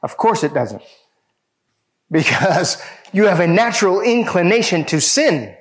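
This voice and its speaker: A man's voice: sits high, big pitch swings, unhurried. A man preaching a sermon, speaking emphatically and addressing his listeners directly.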